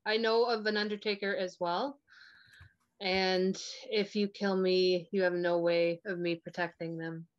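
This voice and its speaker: A woman's voice: on the low side, little pitch movement, unhurried. A woman playing a social deduction game, raising matter-of-fact objections. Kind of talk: casual game discussion. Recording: dull lo-fi mic.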